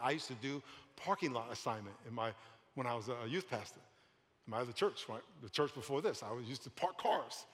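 A male pastor preaches in a mid-pitched voice, lively and quick to laugh, repeating his points for emphasis. The sound carries a long reverb from a large church sanctuary. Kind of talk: sermon.

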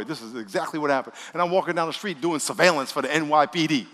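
A male pastor preaching a sermon, leading the congregation in call-and-response and swinging between loud bursts and quiet asides. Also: fairly high pitch, fast talker, few pauses, big-room sound. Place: church sanctuary.

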